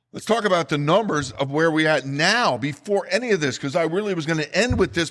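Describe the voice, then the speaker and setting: A man's voice: a little high, a bit bright. A middle-aged man with a New Jersey accent hosting a solo economics podcast, speaking emphatically and urgently and repeating figures for stress. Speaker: podcast host.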